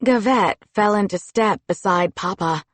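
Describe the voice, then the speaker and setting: A woman narrating a children's fantasy audiobook in a steady storytelling delivery. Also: mid-range voice, a little slow, no room sound. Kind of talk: scripted narration.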